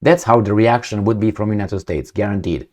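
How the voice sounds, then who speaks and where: A man's voice: on the low side, a little fast, darkish tone. A man hosting his own commentary show, talking in a sardonic, lecturing way with mocking asides and rhetorical questions. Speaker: political commentary host. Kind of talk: casual opinion monologue.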